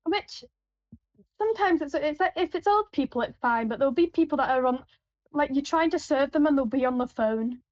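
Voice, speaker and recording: Woman, high voice, chatty and rambling, lots of fillers, dull lo-fi sound. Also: expressive, fairly quick, darkish tone, dry recording. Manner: rambling, with frequent fillers and restarts. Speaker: supermarket till worker. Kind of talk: casual anecdotal chat. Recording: dull, lo-fi, dry.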